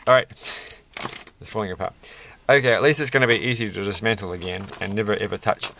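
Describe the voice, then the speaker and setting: A man's voice: lowish voice, fairly quick, creaky, background noise. A man rambling through a toy build with self-mocking, off-the-cuff commentary, laughing at his own jokes. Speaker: toy reviewer building a set.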